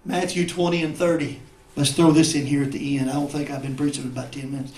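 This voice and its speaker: A male pastor delivers a fervent sermon in a high, ringing voice. He swings between shouted peaks and low, confiding asides. The sound carries the echo of a large church sanctuary. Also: flat delivery, fast.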